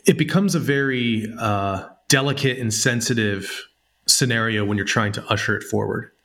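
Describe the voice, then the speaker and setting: Man, southern US accent, bright tone, chatty host, fillers and laughter. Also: medium pitch, moderate pace. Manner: rambling, laughs often, many fillers. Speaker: podcast host. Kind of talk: casual interview chat.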